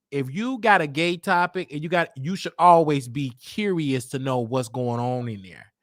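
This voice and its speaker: Preachy talk show host. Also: male voice, fairly high pitch, a bit bright, no room sound, clean studio sound. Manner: preachy, lecturing the audience directly.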